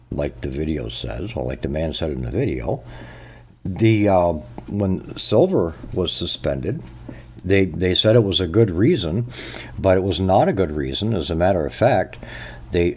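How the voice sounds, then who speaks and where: A man's voice: low voice, dark tone, husky. A man hosting a solo commentary show, ranting and repeatedly checking in with "okay?". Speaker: podcast host.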